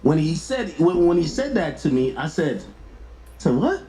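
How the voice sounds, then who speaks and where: A man telling a story in an excitable way, acting out the lines of others with sudden jumps in pitch. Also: moderate pace, roomy sound, low-quality recording. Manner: excitable, acts out dialogue with sharp jumps in pitch. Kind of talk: animated storytelling on a clip.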